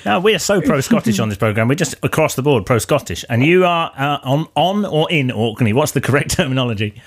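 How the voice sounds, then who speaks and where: A man's voice: medium pitch, expressive, fairly quick. Wry, chatty male radio presenter. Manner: chatty, wry, rambling with fillers. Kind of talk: live radio chat.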